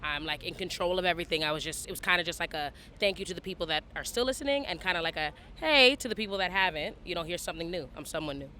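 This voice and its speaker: Upbeat Toronto woman with a bright voice. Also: lowish voice, lively intonation, very fast, hardly any pauses, a little hiss or hum. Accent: Toronto English. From Canada, Toronto. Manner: upbeat, chatty. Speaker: musician guest. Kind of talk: casual interview. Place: outdoors backstage at a festival.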